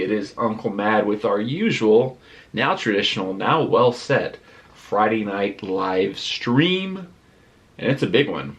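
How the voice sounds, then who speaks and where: A man's voice: fairly low pitch, breathy edge. A man chatting casually as a vlogger in a rambling, self-deprecating way. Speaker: vlogger and live streamer. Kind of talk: casual vlog chat.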